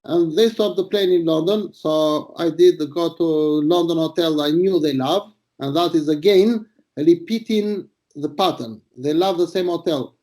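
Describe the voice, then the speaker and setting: Blunt, crude, high-voiced man from Albania. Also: measured pace, a little mellow. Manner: blunt, crude, boastful, rambling. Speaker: retired paparazzo. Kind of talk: casual interview storytelling.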